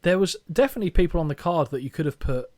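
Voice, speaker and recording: Man, slightly raised pitch, bantering podcast co-host, reads notes between jokes. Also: lively intonation, rapid-fire, a little mellow. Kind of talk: casual chat reviewing a wrestling event.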